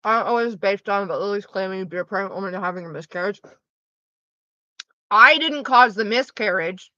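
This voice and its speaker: A woman's voice: medium pitch, a little fast, sharp tone, no echo, dull audio. A woman streaming a game, chatting loosely with her live viewers and answering them by name. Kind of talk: casual chat with live viewers.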